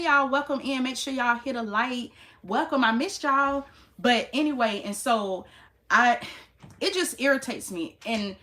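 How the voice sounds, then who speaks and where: A woman nurse telling a story to her viewers in a casual rant, emphatic and exasperated, with sudden high exclamations. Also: fairly bright tone. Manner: chatty, talks straight to viewers. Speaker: nurse vlogger.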